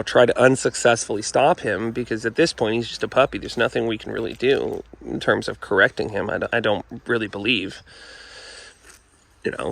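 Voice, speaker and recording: Gravelly, forceful man coaching dog owners. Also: medium pitch. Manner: earnest, repeats "folks" and "you know". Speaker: dog trainer. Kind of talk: casual instructional talk to camera. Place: indoors with dogs nearby.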